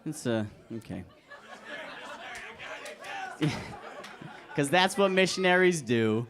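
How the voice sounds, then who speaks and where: A young man doing a crude, deadpan, self-deprecating stand-up comedy set at an open mic in a comedy club. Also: on the high side, slow, a faint crowd. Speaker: stand-up comic. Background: audience laughter.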